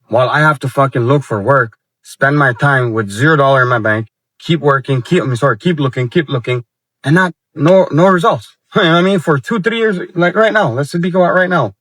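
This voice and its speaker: Late-20s guy ranting, cursing a lot, dry close sound, normal pitch. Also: fairly bright tone, no room sound. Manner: heated, profane, slangy talk. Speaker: vlogger. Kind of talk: casual rant to camera.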